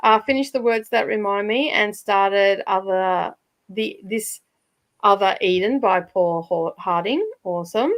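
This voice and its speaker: A woman's voice: mid-range voice, measured pace, dry recording. Chatty Australian woman, dry close sound. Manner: chatty, swears lightly, laughs often. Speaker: livestream host of reading sprints. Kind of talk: casual chat. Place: home room by a side street.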